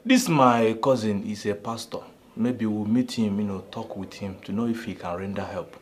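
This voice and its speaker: Give me a man playing a skeptical Nigerian friend with a lowish voice. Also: moderate pace, a little hiss or hum, lightly acted. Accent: Nigerian English.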